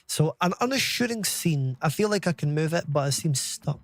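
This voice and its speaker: A man's voice: a little high, lively intonation, moderate pace. Chatty Scottish man in his thirties. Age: 30s. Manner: chatty, reads chat aloud, swears casually. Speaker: game streamer. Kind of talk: live gameplay commentary.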